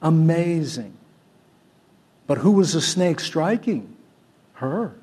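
A male pastor from Syria preaching a sermon, swinging from loud exhortation to soft, conversational storytelling. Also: on the high side, lively intonation, slow, slightly rough.

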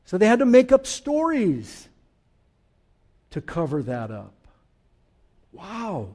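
A man with a high, light voice preaches in a church sanctuary. He talks with his congregation in joking asides, then moves between soft reflection and firm, emphatic statements. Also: huge pitch swings, takes it slowly, pauses often. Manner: swings from quiet reflection to emphatic declarations. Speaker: pastor. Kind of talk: sermon.

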